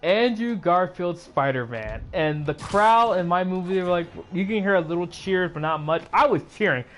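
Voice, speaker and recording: A man's voice: sits high, normal speed, a little hiss or hum. Rambling man recapping a movie. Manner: rambling, excitable, many fillers and restarts. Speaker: YouTuber.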